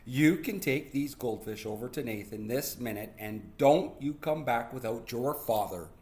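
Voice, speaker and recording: A man's voice: mid-range voice, unhurried, darkish tone, close to an everyday voice. A man voicing a proper, scolding mother in a read-aloud storybook. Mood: stern. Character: prim, stern mother of two.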